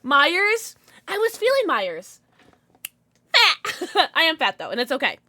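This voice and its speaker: A woman's voice: sits high, sing-song, moderate pace, sharp tone, no room sound. A woman in her thirties chatting casually with her stream viewers, affectionate and full of fillers.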